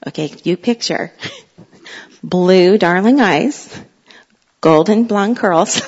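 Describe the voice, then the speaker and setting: A middle-aged mother telling a parenting story in a chatty way, laughing often, with a husky voice. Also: fairly low pitch, slow pace, pauses often, darkish tone, long reverb tail, highs cut off. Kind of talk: casual storytelling talk.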